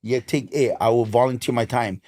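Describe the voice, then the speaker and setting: Talking fast in a medium-pitched voice, this Hawaiian man in his fifties guests on a casual interview. A DJ and club promoter with a Hawaiian English accent, he's an animated storyteller, lively and emphatic.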